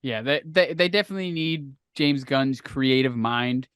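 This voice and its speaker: A man's voice: mid-range voice, steady tone, moderate pace, a bit bright, smooth, no echo. A man co-hosting a podcast, chatting casually, rambling with many fillers and hunting for words. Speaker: podcast co-host. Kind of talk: casual chat.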